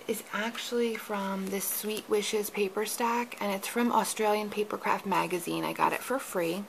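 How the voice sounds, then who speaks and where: Slow, soft-spoken woman crafter. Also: medium pitch, noisy background. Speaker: papercraft tutorial host. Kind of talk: show-and-tell card-making tutorial.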